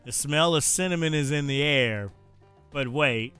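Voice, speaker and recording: A man's voice: on the high side, unhurried, sharp tone, clear, resonant tone, soft background music. A man streaming a dating game, reading its text aloud with playful joking asides.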